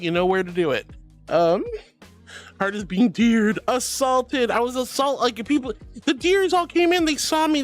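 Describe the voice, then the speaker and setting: A woman streaming and reading her chat, bubbly and giggly, calling her viewers sweetie and darling. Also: medium pitch. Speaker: VTuber streamer. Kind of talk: livestream chat.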